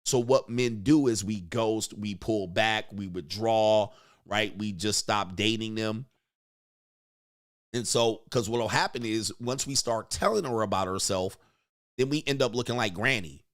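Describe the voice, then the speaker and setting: A man's voice: fairly low pitch, unhurried. Crude, joking male commentary host. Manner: crude, joking, mimics voices. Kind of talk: casual reaction commentary.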